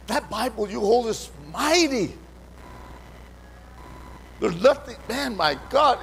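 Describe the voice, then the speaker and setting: High-voiced guy preaching slow and fervent, lots of call and response, echoey church with faint noise. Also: gravelly. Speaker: pastor. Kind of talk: live church sermon. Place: church sanctuary. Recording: reverberant hall, faint background noise.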